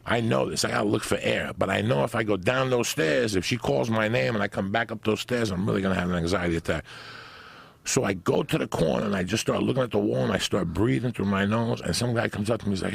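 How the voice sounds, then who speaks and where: A man telling a profane, animated story in a podcast chat. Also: fairly low pitch, fast, vocal fry, breathy edge, dry recording. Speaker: comedian guest.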